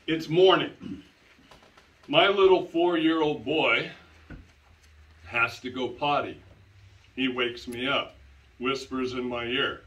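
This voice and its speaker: A man's voice: on the high side, fairly bright tone. Emphatic male lecturer in a roomy hall. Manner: emphatic, repeats key phrases for stress. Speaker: lecturer presenting to an audience. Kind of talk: public lecture with storytelling. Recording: roomy sound, distant from the mic.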